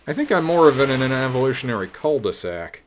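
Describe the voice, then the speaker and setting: A man's voice: mid-range voice, sing-song, fairly quick, slight background noise. A man streaming a retro game live, talking casually to his chat with wry, self-mocking jokes and free swearing. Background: game music.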